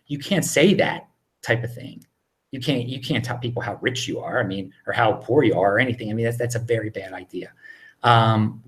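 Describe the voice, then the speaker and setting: A man in his thirties from Baltimore, hosting a casual live Q&A at home, rambling and excitable with many restarts. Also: mid-range voice. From Baltimore, USA. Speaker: livestream host answering viewer questions. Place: home, indoors.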